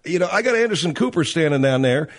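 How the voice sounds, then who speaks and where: A man's voice: fairly high pitch, expressive, fast talker. Profane, ranting talk radio man. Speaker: radio talk show host. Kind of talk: opinionated talk radio monologue.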